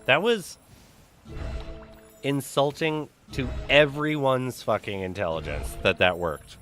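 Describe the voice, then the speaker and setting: Young male gaming streamer, bright punchy voice, profane and lively. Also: mid-range voice, slow, soft background music. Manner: profane, animated storytelling. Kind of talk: casual stream chat.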